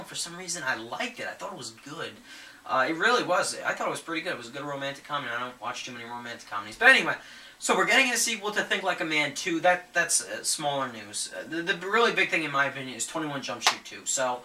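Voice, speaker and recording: Male movie vlogger, eager and rambling, crisp bright tone, roomy echo. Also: mid-range voice, far from the mic. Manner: rambling, many fillers and restarts; enthusiastic. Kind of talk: casual news commentary. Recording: echoey room, voice set back from the mic, faint ambient noise.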